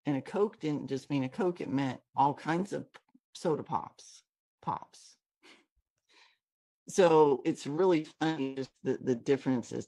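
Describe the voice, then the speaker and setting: Speaking slowly in a rumbling low, dark voice, a woman from Washington State with a Pacific Northwest accent hosts and trains in a casual, upbeat teaching talk that wanders into digressions. She uses a computer mic, and there's no echo.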